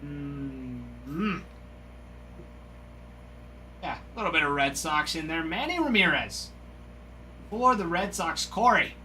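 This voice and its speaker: A man hosting a live trading card break, giving excited, gushing commentary as he reveals each card. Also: a little high, slow pace, long pauses, slight background noise.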